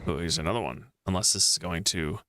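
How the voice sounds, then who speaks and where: A man's voice: sits low, quick pace, pushed and bright, no echo. Playful man streaming a game. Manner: playful, laughs, reads game text aloud. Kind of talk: casual game playthrough commentary.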